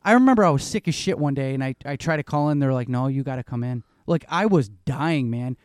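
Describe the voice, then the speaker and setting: A man in casual conversation, rambling through stories with an easy, profane looseness. His voice sits in a middle pitch and is recorded dry and close, with no room sound. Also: lively intonation, a little fast, no room sound. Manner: loose, rambling storytelling with swearing. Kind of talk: casual chat.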